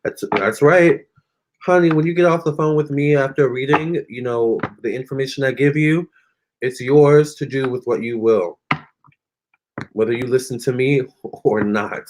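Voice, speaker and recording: A man's voice: mid-range voice, normal speed, noisy background. A man doing a tarot reading on a live stream, answering viewer comments in a chatty, sassy way and calling them honey and girl. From Virginia. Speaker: tarot reader.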